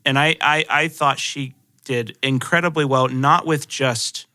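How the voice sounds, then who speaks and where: A man's voice: medium pitch, steady tone, unhurried, sharp tone, no room sound, clean studio sound. A young man co-hosting a podcast, agreeable and a little hesitant in casual chat. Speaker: podcast co-host. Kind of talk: casual movie review chat.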